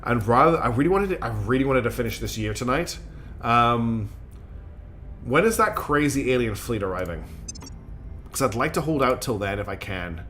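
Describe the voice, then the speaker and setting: The speaker is a very tired man offering casual commentary while streaming a strategy game, wandering off track with fillers and self-mocking comments. His medium-pitched voice is lively in intonation, a bit bright and moderately paced, over a little hiss or hum.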